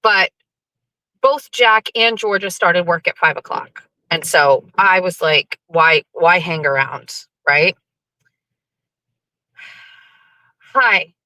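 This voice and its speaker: A woman's voice: fairly low pitch, bright, forceful tone, no room sound, low-quality recording. A middle-aged woman hosting a casual livestream from her car, chatty, greeting viewers over and over with rambling asides. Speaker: livestream host. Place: car, driving.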